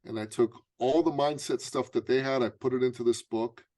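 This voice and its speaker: A man's voice: mid-range voice, a little fast, no room sound. Dry-sounding man telling a story. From Canada. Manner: animated storyteller, acts out dialogue. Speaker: business coach and author, guest. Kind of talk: storytelling in an interview.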